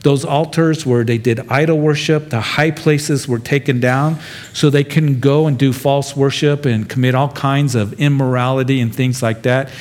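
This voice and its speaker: A man's voice: medium pitch, fairly even intonation, normal speed, a little mellow. A pastor giving an expository sermon, talking to his congregation in a plain, conversational way and addressing them directly. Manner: conversational, speaks directly to the listeners.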